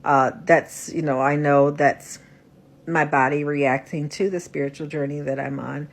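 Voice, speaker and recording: A woman with a low, deep voice speaks from her bed into a phone, worn out and slightly stuffy with a runny nose. She rambles in a soft, halting way and often restarts her sentences, like a personal confessional vlog. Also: steady tone. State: tired and exhausted. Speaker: spiritual coach and psychic reader. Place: in bed at home.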